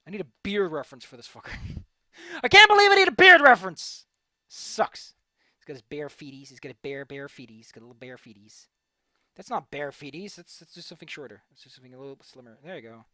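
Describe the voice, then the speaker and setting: A man's voice: mid-range voice, expressive, very fast, no echo. A young man rambling goofily as he draws on a stream, repeating words playfully and joking to himself. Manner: goofy, rambling, playful repetition. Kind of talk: casual commentary while drawing.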